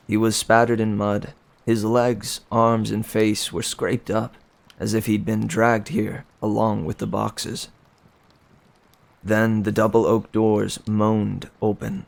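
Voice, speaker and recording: A man reading a novel aloud in plain, unhurried storytelling. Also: on the low side, vocal fry, a little mellow. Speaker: reader.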